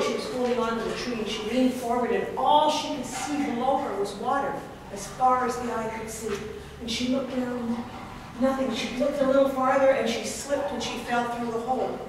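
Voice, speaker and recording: A woman storyteller from Canada performs folk tales live, with lively, expressive delivery and asides to the audience. Her voice is fairly high and heavily echoing. The recording picks her up from far away in a big reverberant hall with audible background noise. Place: large hall. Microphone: distant mic.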